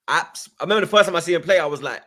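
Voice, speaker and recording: A man's voice: fairly high pitch, very fast. A young man, chatting casually about football as host and using lots of slang. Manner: London slang, animated, voice jumps up when excited. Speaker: podcast host.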